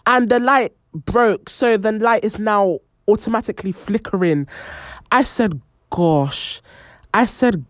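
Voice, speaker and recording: A woman's voice: medium pitch, slow, dry recording, studio quality. A young woman hosting a podcast, telling a personal story with lots of fillers and acted-out quotes. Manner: animated, many fillers, acts out quoted voices. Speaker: podcast host.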